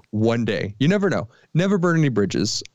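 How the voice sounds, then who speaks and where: A man's voice: medium pitch, big pitch swings, moderate pace, darkish tone, no room sound, lo-fi sound. A man co-hosting a podcast and running a quiz game, playful and teasing, on a remote call. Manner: playful, teasing, slips into silly voices. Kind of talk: casual chat, quiz hosting.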